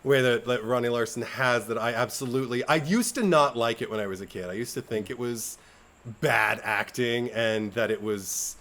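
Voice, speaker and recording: A man's voice: medium pitch, moderate pace, fairly bright tone. A man on a podcast, chatting casually and acting out film lines in exaggerated voices. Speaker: podcast co-host. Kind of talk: casual chat.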